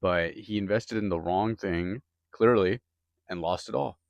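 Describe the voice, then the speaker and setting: Profane, rambling young man, low voice. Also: a little slow, creaky, no echo. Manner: rambling, profane, heavy on filler words. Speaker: podcaster. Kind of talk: casual monologue.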